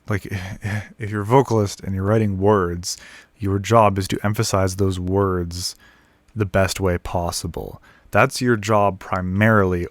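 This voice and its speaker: A man's voice: deep voice, dry recording. A man who is a vocalist, talking casually and bluntly to camera, swearing freely and counting out rhythms as he explains. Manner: candid and blunt, frequent swearing and fillers; taps out rhythms while explaining.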